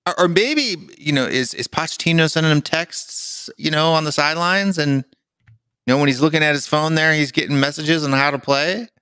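A man's voice: fairly high pitch, a little fast, sharp tone, clean tone, dry recording. Young guy podcast cohost, rambly and fed up, um-ing a lot, dead dry mic. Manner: exasperated, rambling, frequent fillers. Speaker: podcast co-host. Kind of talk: casual chat.

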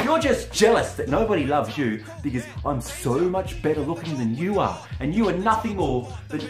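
A man snarling a crude, taunting wrestling promo. He stutters now and then, and his pitch swings widely as he mocks. The room sounds echoey, with faint music underneath. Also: fairly bright tone. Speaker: wrestling character cutting a promo. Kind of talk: trash-talk promo. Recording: roomy with faint music behind.

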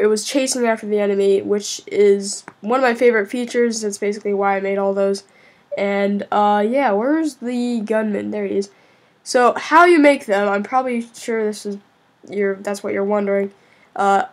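A woman casually narrating a video game weapon review, rambling and chatty with frequent hesitations. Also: on the high side. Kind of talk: casual gameplay commentary.

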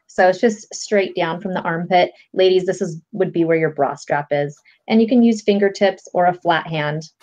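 A woman guest coach calmly walking listeners through a tapping technique step by step, with a patient, explanatory manner. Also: lowish voice, moderate pace, few pauses. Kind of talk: instructional explanation. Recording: lo-fi dull audio.

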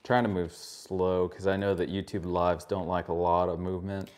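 A man's voice: deep voice, little pitch movement, normal speed, a little mellow. A man co-hosting a live craft stream, easygoing, relaying viewer comments. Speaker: co-host reading chat. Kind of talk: casual live-stream chat.

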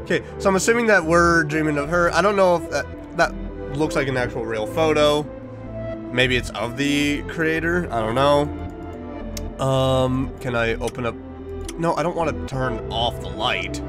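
A man giving let's play commentary, thinking aloud and bursting into high-pitched, confused panic. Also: unhurried, over music. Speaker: game streamer.

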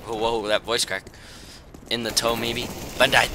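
A man's voice: mid-range voice, normal speed. A young man giving casual, jokey commentary while playing a shooter at home, yelping and laughing as he plays. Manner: excitable, jokey, frequent yelps and laughs. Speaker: gaming YouTuber. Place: indoors at his computer, home. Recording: game gunfire noise behind voice.

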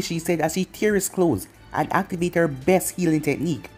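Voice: normal speed, soft background music. A narrator reading fan fiction aloud in plain storytelling fashion. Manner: plain storytelling with lively pitch.

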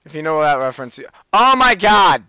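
Goofy, lively-voiced gaming man. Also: fairly high pitch, fairly quick, smooth, dry recording. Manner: goofy, rambling, with whiny mock-crying outbursts. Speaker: gamer, channel host. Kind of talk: Let's Play commentary.

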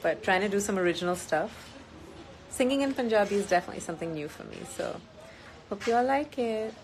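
A woman's voice: mid-range voice, lively intonation, fast talker, low-quality recording. A woman chatting casually on a live stream, reading out viewer comments and mixing English with Hindi, with frequent ums. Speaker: singer hosting a live stream. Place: outdoors in sunny Goa.

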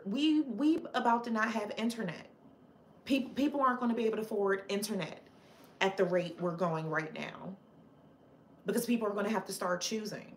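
A woman's voice: medium pitch, roomy sound, slight background noise. A woman hosting a casual live chat with her viewers, passionate and opinionated, chatty with frequent fillers and restarts. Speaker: livestream host chatting with viewers.

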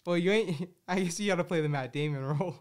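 A man's voice: a little high, fast talker, crowd noise. A man hosting a podcast in casual chat, laid-back, laughing often and swearing offhandedly. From Boston area. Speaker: podcast host.

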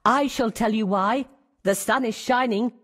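A woman's voice: a little high, a little slow, a bit bright, breathy edge. A woman voicing a wise, hardworking male ant in a cartoon, stern and earnest. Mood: scolding. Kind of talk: cartoon voice acting.

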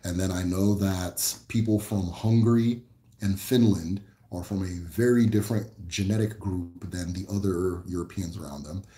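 Speaking at a moderate pace in a deep voice, a man from the American Midwest answers viewer questions on a laid-back livestream. The sound is reverberant, and his replies wander, full of fillers and restarts.

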